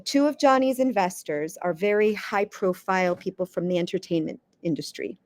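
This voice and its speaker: A woman from the US East Coast, a communication coach giving advice as an interview guest in a lively, emphatic way, sometimes stammering as she restarts. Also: lowish voice, normal speed, dry recording. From United States East Coast.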